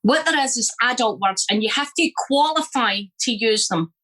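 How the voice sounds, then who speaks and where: A woman's voice: fairly high pitch, lively intonation, moderate pace, pushed and bright, poor audio. A middle-aged Scottish woman comedian telling stories bluntly and swearing freely in a casual interview. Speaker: comedian, guest.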